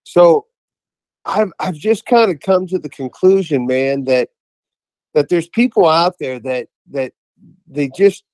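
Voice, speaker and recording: On a dry, rough recording, a podcast caller with a mid-range, darkish voice tells a story. It's a casual, rambling, enthusiastic account full of restarts.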